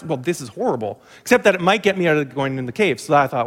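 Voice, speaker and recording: A man's voice: on the high side, very animated, quick pace, hardly any pauses. Man telling funny stories in an echoing hall. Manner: humorous, self-mocking storyteller. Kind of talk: storytelling sermon.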